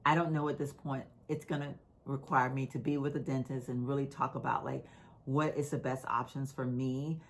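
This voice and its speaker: A woman's voice: rumbling low, flat delivery, moderate pace. A middle-aged woman with a slight lisp, talking candidly and unhurriedly to her vlog viewers. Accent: Texan. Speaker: vlogger. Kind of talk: casual talk to camera.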